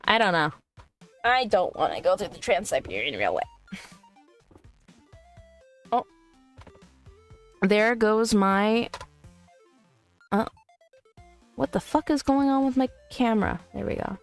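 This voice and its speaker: A female VTuber chats loosely with her viewers, reading their messages aloud and answering them. Her clean, smooth mid-range voice has a sing-song lilt, moving slowly with long pauses as she jokes, teases and swears freely. Faint music plays in the background.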